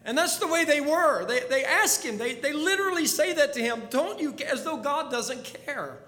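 A man preaching a sermon as a storyteller, dropping to a hush and then rising to urgent pleas. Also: very high-pitched, lively intonation, moderate pace. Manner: storytelling, swings from hushed to urgent. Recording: long hall reverb.

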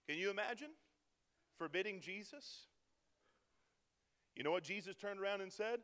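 Impassioned high-voiced male preacher in a reverberant hall. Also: animated, normal speed, pauses often. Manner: impassioned, rising to near-shouting peaks then dropping low. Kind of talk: sermon. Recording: long reverb of a large hall.

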